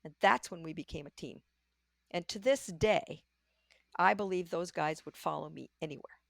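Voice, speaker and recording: An older woman, a podcast guest, telling candid stories about her career in a lively way and acting out the voices she quotes. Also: lowish voice, moderate pace, vocal fry, dry recording, clean studio sound. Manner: lively storyteller who acts out quoted voices. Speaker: podcast guest, leadership coach. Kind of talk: candid conversational storytelling.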